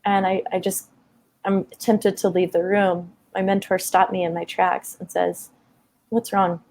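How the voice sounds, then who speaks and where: A woman's voice: lowish voice, little pitch movement, a little slow, darkish tone, slight background noise. A woman in her thirties telling a personal story in a conversation, open and emotional, with many fillers. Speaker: guest.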